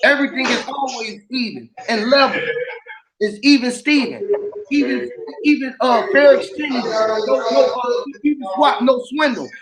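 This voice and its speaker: A man's voice: very high-pitched, moderate pace, heavy background noise. A man on a livestream panel, talking in an angry, profane and repetitive way. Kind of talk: heated livestream chat.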